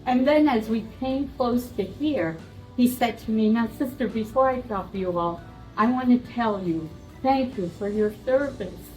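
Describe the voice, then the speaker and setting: A woman's voice: on the high side, normal speed, faint music behind, rough recording. An older woman, a nun, casually telling a story and acting out the lines of the people in it. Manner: animated retelling with quoted dialogue. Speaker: nun and volunteer.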